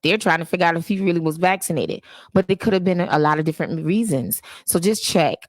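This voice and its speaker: A woman's voice: on the low side, fast, dry recording. A woman hosting a live-streamed podcast introduction, speaking in an earnest, preachy way and appealing straight to church people. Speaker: podcast host. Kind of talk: casual live-stream monologue. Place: home setup, Facebook live stream.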